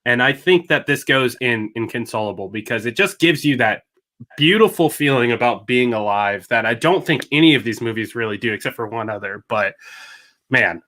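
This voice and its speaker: Bright-voiced young man hosting a chat. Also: mid-range voice, expressive, moderate pace. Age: young adult. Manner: chatty, restarts and jokes, earnest when praising films. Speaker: host. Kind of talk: casual panel chat on a live stream. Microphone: video call.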